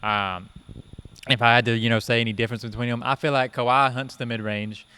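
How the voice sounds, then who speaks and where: Measured man with a bright, clear voice. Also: mid-range voice, steady tone. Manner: measured, reasoned, lots of um and I feel like. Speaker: podcast co-host. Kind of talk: casual sports podcast chat.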